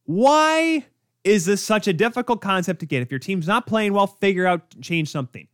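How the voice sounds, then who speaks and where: Young male sports podcast host, fairly high and very animated, ranting in exasperation on a close, dry mic. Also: moderate pace, no echo. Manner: ranting, exasperated, rhetorical questions. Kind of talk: solo sports podcast rant.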